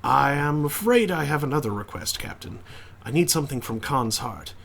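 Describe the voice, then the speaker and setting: A man's voice: medium pitch, expressive, moderate pace, vocal fry, fairly bright tone, husky, heavily acted. A man voicing an eager, bandaged male ship's chef, reading his lines from a game with earnest grandeur. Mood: grandly earnest. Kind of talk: game text read aloud.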